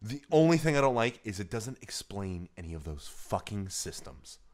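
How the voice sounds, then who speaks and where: A man's voice: lowish voice, very animated, normal speed, a little mellow. A young man co-hosting a casual gaming podcast, loose and profane, laughing often. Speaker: podcast co-host. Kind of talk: casual chat.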